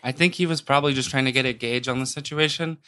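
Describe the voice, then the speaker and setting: A man's voice: medium pitch, fairly even intonation, fast, bright, forceful tone, clear, resonant tone. A man co-hosting a comedy podcast, teasing in a mock-serious way. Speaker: podcast co-host.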